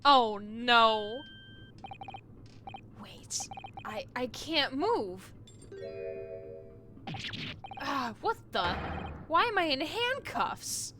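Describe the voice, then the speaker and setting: A woman's voice: high-pitched, very animated, drawn-out words, pauses often, noisy background, exaggerated voice. A woman streamer reading a game's lines aloud as a bewildered young man, in a dramatic way. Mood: confused.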